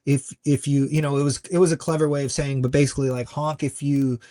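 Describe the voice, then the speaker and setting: A man guest on a podcast, telling a story earnestly and acting out other people's lines with sudden jumps in pitch. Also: flat delivery, fast, warm tone, no echo. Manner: earnest, acts out quoted voices with big pitch jumps. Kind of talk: conversational storytelling.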